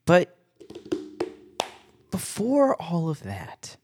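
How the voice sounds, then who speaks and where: A man's voice: sits high, huge pitch swings, drawn-out words, darkish tone, slightly rough. A man hosting a casual solo podcast, rambling and self-deprecating, laughing often between thoughts. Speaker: podcast host.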